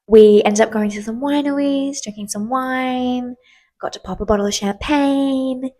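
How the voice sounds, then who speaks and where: A woman's voice: sits high, a little slow, warm tone. A woman in her twenties hosting a podcast, talking candidly and chattily with lots of fillers and casual swearing. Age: 20s. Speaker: podcast host. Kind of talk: casual solo podcast chat.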